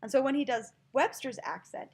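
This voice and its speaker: High-voiced woman teaching a class. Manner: explains slowly, spells words out letter by letter. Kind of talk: listening lesson for language learners.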